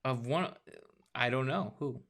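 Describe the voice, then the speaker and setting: A man co-hosting a casual podcast chat, easygoing and quick to laugh, steering the talk along. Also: mid-range voice, a bit bright. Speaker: podcast co-host.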